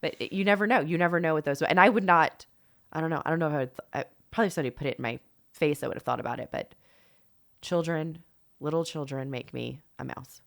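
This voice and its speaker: Middle-aged female podcast co-host, low voice, lively storyteller who acts out dialogue. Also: fast, vocal fry. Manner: animated, acts out quoted dialogue. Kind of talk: casual storytelling chat.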